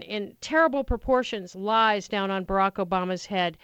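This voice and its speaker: A woman's voice: medium pitch, moderate pace, hardly any pauses, a bit bright, smooth, dry recording, muffled recording. A woman hosting political call-in talk radio from a studio, passionate and rambling, often restarting her sentences. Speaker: fill-in talk radio host. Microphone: studio microphone.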